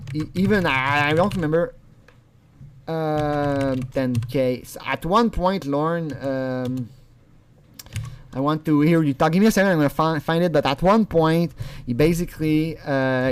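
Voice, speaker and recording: A man hosting his own channel, talking casually over a recorded call. He rambles, repeats words and imitates other people's tones of voice. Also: a little high. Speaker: channel host.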